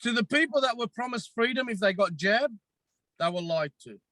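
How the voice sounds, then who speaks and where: An Australian man talks with fervent, deliberate emphasis, returning again and again to the same phrases. His voice sits high and bright. The sound is dry and close, with almost no room in it. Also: animated, dry recording, poor audio. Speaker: podcast guest. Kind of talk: impassioned podcast talk.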